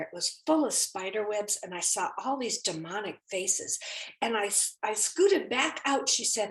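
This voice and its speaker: Animated woman telling a story. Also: medium pitch. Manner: animated, acts out the people in her story. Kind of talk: personal testimony storytelling. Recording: echoey room.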